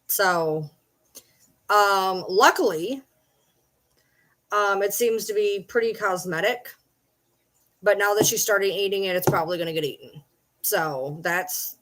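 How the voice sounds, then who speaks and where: A woman vlogging from home, ranting in a frustrated, repetitive way and swearing freely. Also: medium pitch. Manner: frustrated, swearing, repeats herself. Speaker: vlogger and livestreamer. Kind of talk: casual rant to camera.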